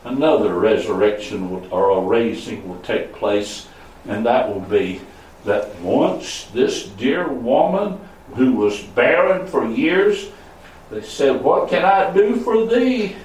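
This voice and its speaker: A male pastor preaching a sermon, swinging between loud high calls and low murmurs. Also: expressive, slow, a little hiss or hum. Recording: echoey room, voice from a distance.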